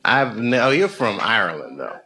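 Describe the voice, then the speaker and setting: A man's voice: medium pitch, very animated, moderate pace. A man doing stand-up crowd work, riffing loosely and profanely with the audience at a live show. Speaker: stand-up comedian. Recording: live club show, loud background noise. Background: audience laughter.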